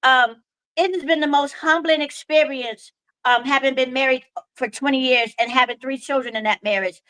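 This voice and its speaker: A woman comedian in her forties with a slight lisp, telling stories in a lively, comedic, preacher-like cadence over a video call. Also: sits high, moderate pace, dry recording, poor audio. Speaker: comedian guest. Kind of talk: casual storytelling chat.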